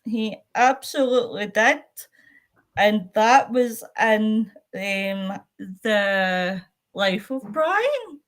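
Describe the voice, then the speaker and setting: A woman's voice: mid-range voice, lively intonation, very slow. A woman from Scotland co-hosting a casual live-stream chat about films over a home video call. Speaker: co-host of a film chat stream.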